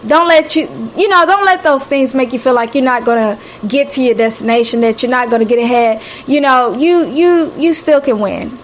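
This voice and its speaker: A woman's voice: high-pitched, normal speed, few pauses, a little hiss or hum. A woman with a Southern American accent, hosting a live motivational talk with a preacher-like, encouraging style, repeating phrases and calling listeners honey and sweetie. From Southern United States. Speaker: radio host. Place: home, live stream.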